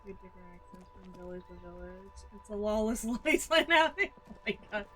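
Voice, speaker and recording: A woman's voice: medium pitch, animated, quick pace, fairly bright tone, soft background music. A woman from the southern United States streaming a game, chatting casually in a rambling way and laughing often.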